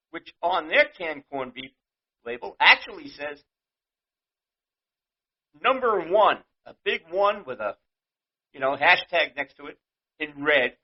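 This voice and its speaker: A man's voice: a little high, dull audio. A man with a New York accent, hosting his own show and ranting in an indignant, exasperated, rambling way. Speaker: show host. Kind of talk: ranting monologue.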